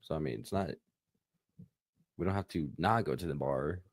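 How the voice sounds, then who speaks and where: A man with a very deep voice co-hosts a relaxed podcast, recorded close and dry. He chips in with short, offhand comments. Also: normal speed, no room sound. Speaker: podcast co-host. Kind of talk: casual podcast chat.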